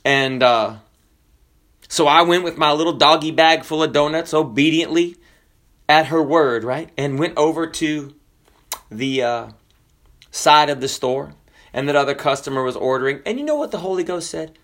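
Pastor guy in his 40s preaching, kinda high bright voice, chatty story style, jumps loud and high then goes quiet and low. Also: normal speed. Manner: animated, swinging from soft low asides to high excited bursts; conversational storytelling with frequent fillers. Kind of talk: sermon.

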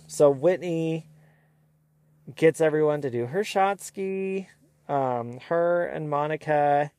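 A man hosting a casual, opinionated recap of a reality show, sometimes mimicking the cast in quick asides. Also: mid-range voice, mellow, clear, resonant tone, no echo. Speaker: recap host.

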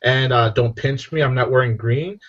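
A man's voice: mid-range voice, normal speed, fairly bright tone, slightly rough. Jokey guy on a movie podcast, teasing everyone, dull lo-fi sound. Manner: joking, teasing. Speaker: podcast guest. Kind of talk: casual movie podcast chat.

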